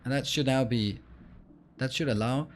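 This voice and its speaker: A man hosting a let's play, explaining what he does as he plays and filling pauses with frequent ums and uhs. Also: mid-range voice, faint music behind. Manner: explains while playing, with frequent fillers. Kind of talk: gameplay commentary.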